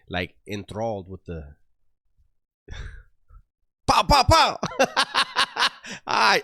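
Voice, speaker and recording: Sarcastic man with lively commentary. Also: lowish voice, no room sound, studio quality. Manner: sarcastic, joking asides, frequent laughter. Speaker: reaction video host. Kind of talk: reaction commentary.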